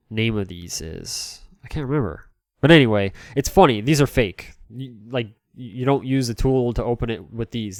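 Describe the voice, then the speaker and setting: A man's voice: medium pitch, darkish tone, dry recording, studio quality. A man streaming live as he cleans a game console, rambling in a jokey way and answering chat.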